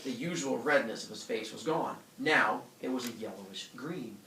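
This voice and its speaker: A man teaching a class, reading a story aloud in an animated way and stopping to explain words and quiz the students. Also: medium pitch, normal speed, slight background noise. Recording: echoey classroom from far off.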